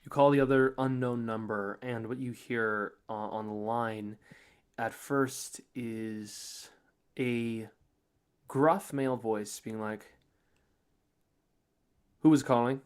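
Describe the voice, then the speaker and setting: A man's voice: mid-range voice, steady tone, slow pace, smooth. A man narrating as game master in a casual, loose way with many fillers.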